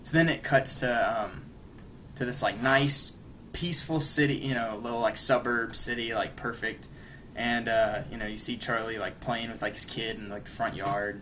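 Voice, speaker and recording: A man's voice: mid-range voice, steady tone, normal speed, pushed and bright, a little hiss or hum. A man co-hosting a podcast, casually retelling a story in a rambling way, full of "like" and "you know". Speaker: podcast co-host. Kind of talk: casual chat.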